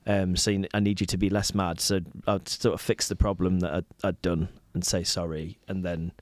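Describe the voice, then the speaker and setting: A man's voice: sits low, little pitch movement, normal speed, a little mellow, no echo, studio quality. A man co-hosting a comedy podcast, rambling and hesitant in casual jokey chat. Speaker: podcast co-host.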